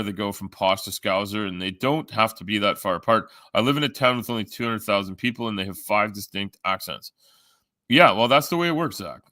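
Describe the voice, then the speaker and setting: Profane rambling Canadian man, bright voice. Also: on the low side, dry recording, clean studio sound. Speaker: live stream host. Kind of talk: casual chat reading viewer comments.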